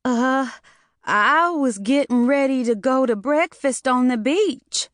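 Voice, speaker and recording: A woman voicing a scared young woman just out of school, with a squeaky, trembling, hesitant and slangy way of talking. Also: slow, fairly bright tone, no echo, studio quality.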